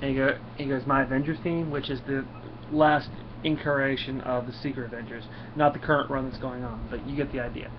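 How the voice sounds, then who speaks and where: A man's voice: medium pitch, little pitch movement, brisk. Man, comic reviewer, loose and rambling, reads lines aloud; dull camera audio, faint hiss. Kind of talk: casual comic review vlog. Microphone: camera mic.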